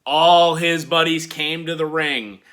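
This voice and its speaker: A man's voice: on the high side, fairly even intonation, takes it slowly, a bit bright. A man hosting a podcast, giving a laid-back, chatty wrestling recap. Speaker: podcast host.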